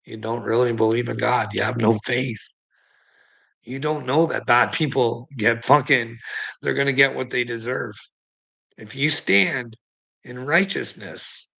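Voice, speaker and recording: A man's voice: medium pitch, creaky, pushed and bright, husky, poor audio. A man hosting a live stream, ranting at his chat in a combative, profane way and needling viewers by name. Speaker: livestream host.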